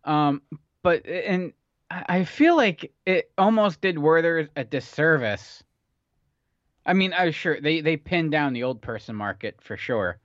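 A man's voice: a little high, expressive, a little slow, fairly bright tone, no echo. A man co-hosting a podcast in casual comedic chat, wry and incredulous. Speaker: podcast co-host. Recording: dull lo-fi mic.

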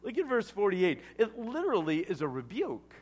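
A male pastor preaching a sermon, retelling a scripture story with animated asides to the congregation. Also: high-pitched, normal speed.

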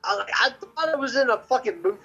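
A man from Memphis, telling a story as a podcast guest in a rambling, animated way and swearing constantly. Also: very high-pitched, quick pace, husky, highs cut off. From Memphis, Tennessee. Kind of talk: casual storytelling.

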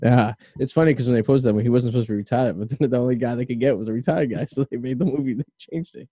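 Dark-voiced rambling male radio host. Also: medium pitch, fairly even intonation, very fast, husky, dry recording. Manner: rambling, loose, filler-heavy talk. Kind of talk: casual chat.

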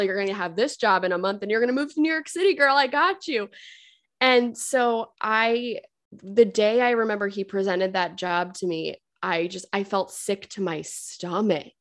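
A woman guest on a podcast, telling a personal story in casual chat, full of "like" fillers and acting out what others said. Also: creaky. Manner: chatty, many "like" fillers, acts out quoted voices; lively, swings up in pitch on quotes.

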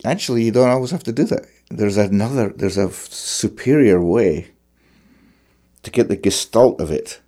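A man's voice: on the low side, lively intonation, normal speed, dark tone. A male fiddler in conversation, talking thoughtfully and searching for his words as he describes how he plays. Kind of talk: conversational reflection on music.

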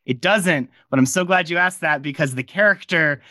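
Male podcast host, bright forceful tone, casual rambling interviewer. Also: a little high, a little fast, dry recording, clean studio sound. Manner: rambling, friendly tangents with many fillers. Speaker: podcast host and audio drama creator. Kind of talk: casual behind-the-scenes interview.

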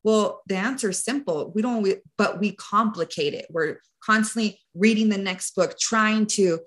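A woman's voice: medium pitch, moderate pace. Woman, podcast host, casual chat, earnest, emotional, emphatic.

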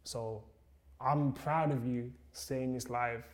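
Male podcast host, mid-pitched, encouraging and reflective. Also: steady tone, slow. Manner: encouraging, thoughtful, backchannels often. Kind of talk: casual podcast chat.

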